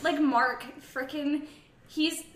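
A young woman with a high voice shares stories among friends in a chatty way, swearing casually and laughing as she goes. The recording has a roomy echo. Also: steady tone, slow pace, over a noisy crowd.

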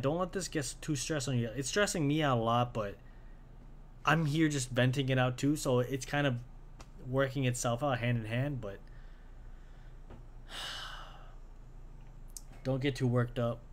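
A man hosting a podcast pours out an emotional monologue in a voice of middling pitch. He vents in raw, profane bursts and sighs heavily, sometimes sinking to a near-whisper. A faint hiss of noise sits behind him. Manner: drops to near-whispers at times. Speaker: podcast host.

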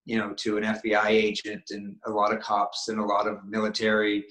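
Rambling actor with a bright, echoey voice. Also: male voice, fairly low pitch, completely flat delivery, a little fast. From Maine, New England. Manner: rambling, many restarts and fillers. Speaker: actor, interview guest. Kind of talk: casual interview talk. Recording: echoey room.

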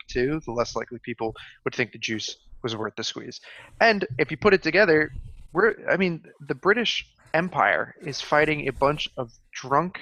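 A man's voice: medium pitch, vocal fry, fairly bright tone, dry recording, poor audio. A young man co-hosting a casual history podcast, chatty and full of fillers. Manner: chatty, many fillers, lots of "like". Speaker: podcast co-host.

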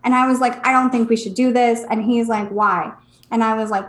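A woman's voice: fairly high pitch, steady tone, brisk, reverberant. A woman co-hosting a casual podcast, telling a personal story with emotion and many "like" fillers, close to tears. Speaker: podcast co-host, psychic.

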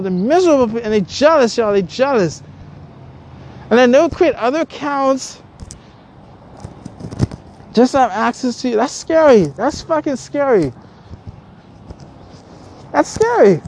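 High-voiced woman ranting angrily. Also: expressive, unhurried, pauses often, a little mellow, slight background noise. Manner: angry, repetitive, stammering restarts, swears constantly. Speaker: vlogger. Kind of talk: heated profane rant to camera.

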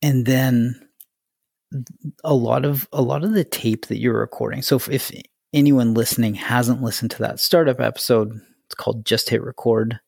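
A man's voice: medium pitch, steady tone, moderate pace, gravelly, a little mellow, slightly rough, dry recording, clean studio sound. A man hosting a podcast interview, chatting casually and enthusiastically with lots of fillers. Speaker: podcast host.

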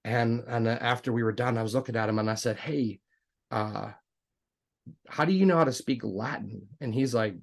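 Man, storyteller guest, lively and talkative, jumps up in pitch when he voices the people in his story, average-pitched natural voice. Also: moderate pace, gravelly. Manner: animated, acts out dialogue with raised pitch; self-described jokester, talkative with many restarts. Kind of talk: casual storytelling.

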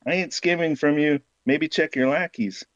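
A man's voice: fairly high pitch, normal speed, lo-fi sound, pitched above the performer's own voice, lightly acted. A man reading the lines of a scheming male ghost companion who haggles sweetly and persuasively. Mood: wheedling.

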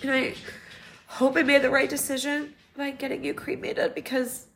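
A tearful woman speaking in a halting, grieving personal monologue, sighing often and letting sentences trail off. Her voice sits high and has a gravelly, crackling fry running through it. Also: flat delivery. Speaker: podcast host.

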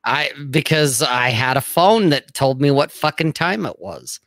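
A man's voice: mid-range voice, animated, a little slow, a bit bright, dry recording. A middle-aged man co-hosting a casual chat, talking bluntly and rambling, with frequent swearing. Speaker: co-host.

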